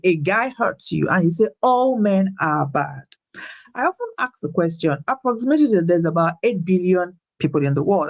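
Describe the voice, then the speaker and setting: A woman giving a personal faith testimony in an interview, talking in a preacherly way, with repeated words and big pitch swings when she retells a story. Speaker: guest speaker.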